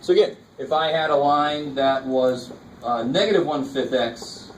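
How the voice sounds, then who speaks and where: A man's voice: medium pitch, measured pace, distant mic. A man teaching a college math class in a casual, engaged way, often checking that students are following along. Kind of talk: classroom lecture. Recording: roomy classroom recorded from afar, faint noise.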